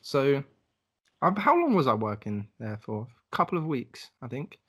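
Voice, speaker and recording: A young man in relaxed podcast chat, his voice at an everyday middle pitch. He rambles through travel stories and swears casually. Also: moderate pace, breathy edge. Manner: laid-back storytelling, swearing, acts out voices. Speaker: podcast co-host.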